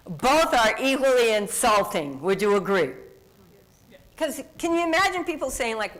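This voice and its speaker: A woman's voice: mid-range voice, very animated, measured pace, a bit bright. A woman diversity speaker giving a conversational lecture, often quizzing her audience.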